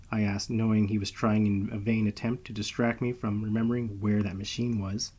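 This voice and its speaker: A man narrating a first-person story in a steady, measured reading voice. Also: on the low side, breathy edge.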